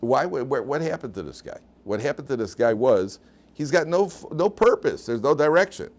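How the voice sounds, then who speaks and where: A man's voice: medium pitch, sing-song, normal speed, a little mellow. An older man, a rabbi and yeshiva teacher, giving a humorous lecture full of self-deprecating stories. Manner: anecdotal, self-deprecating storyteller.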